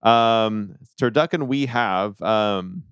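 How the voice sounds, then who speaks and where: A man's voice: fairly low pitch, takes it slowly, fairly bright tone, smooth, dry recording, studio quality. Man hosting a podcast trivia game. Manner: hesitant, many fillers, easily laughing. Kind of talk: casual podcast chat.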